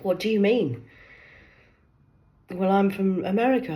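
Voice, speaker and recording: A woman's voice: medium pitch, measured pace, mellow. A woman from the north of England with a County Durham accent, telling a mocking story to the camera, swearing freely and acting out both sides of a phone call. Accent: County Durham English. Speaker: social media creator. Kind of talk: sarcastic storytelling monologue.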